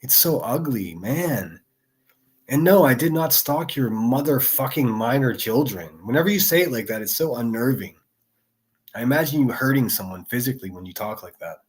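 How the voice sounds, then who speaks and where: A man's voice: mid-range voice, lively intonation, normal speed. A man doing angry reaction commentary as a streamer, crude and mocking, swearing constantly.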